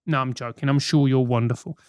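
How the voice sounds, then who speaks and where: A man in his thirties from London runs a podcast where he tackles listener letters in a comedic advice monologue, blunt, sweary and mock-outraged. He talks briskly at a medium pitch with fairly even intonation and a slightly mellow tone. The recording is dry and studio quality.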